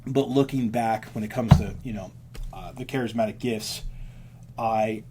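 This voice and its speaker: A man talking casually as an interview guest, a worship leader, rambling fast and breaking into lines of hymns. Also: fairly low pitch, heavy background noise.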